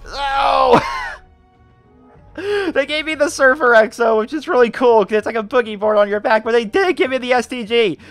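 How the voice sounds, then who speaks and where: A young man with a fairly high voice narrates his gaming session, swinging between exasperated pleading and quick item rundowns. Faint music plays underneath. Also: fairly bright tone, clean tone, no echo. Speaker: gaming YouTuber. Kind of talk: gameplay commentary.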